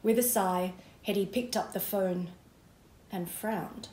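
A woman author reading her children's book aloud with clear, lively storytelling. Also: mid-range voice, slow pace, echoey room, slight background noise, low-quality recording.

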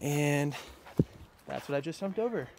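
Young guy vlogging on a hike, high bouncy voice, loud noisy outdoors, handheld cam. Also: unhurried, vocal fry. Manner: excitable, hyped, cheering. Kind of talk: casual travel vlog chat. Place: outdoors on a hike and in a gas station.

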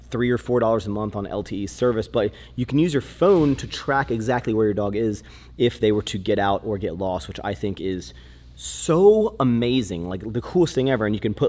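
A man's voice: fairly low pitch, fairly quick, warm tone, echoey room. A young man vlogging casually, rambling with lots of fillers and breaking into a sponsor read.

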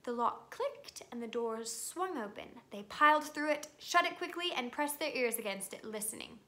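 A woman reading a novel aloud to students with lively, expressive storytelling. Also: on the high side, moderate pace. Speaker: reader.

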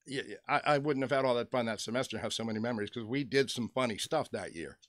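A man's voice: medium pitch, quick pace, a bit bright, no room sound, studio quality. Rambling middle-aged man telling stories. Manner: chatty, joking, chuckles between stories. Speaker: toy customizer vlogger. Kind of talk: rambling casual storytelling. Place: at home with his dog nearby.

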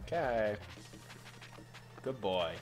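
A man's voice: on the low side, animated, extremely slow, soft background music. A man co-hosting a casual gaming video, teasing his friend, laughing often and swearing at the game. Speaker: gaming channel co-host. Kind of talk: casual gameplay chat.

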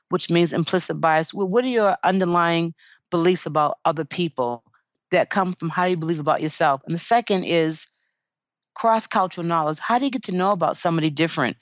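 A woman's voice: fairly low pitch, no echo, highs cut off. A woman midwife giving earnest, encouraging advice in a podcast interview, often saying "you know". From United States. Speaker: midwife guest.

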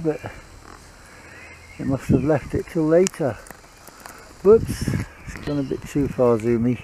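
Slow, mellow-voiced gardener outdoors. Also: male voice, expressive, a little hiss or hum. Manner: chatty, talks to his dog in a high coaxing voice. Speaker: allotment gardener. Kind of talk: casual vlog narration.

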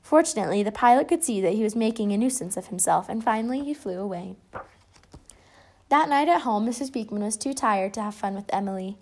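A woman reading a children's picture book aloud in a lively, expressive way. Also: mid-range voice, fairly quick. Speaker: storybook reader.

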